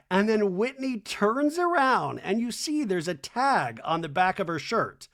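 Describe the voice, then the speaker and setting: A high-pitched man hosts a comedy podcast, casually and animatedly recapping a reality show. He keeps slipping into quick put-on voices to mimic the cast.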